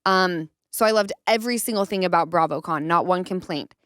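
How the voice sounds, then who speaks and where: Woman host, thirties, casual chat, smooth clear voice, acts out quotes. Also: on the low side, fairly quick, dry recording, studio quality. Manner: animated storytelling with acted quotes. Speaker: podcast host.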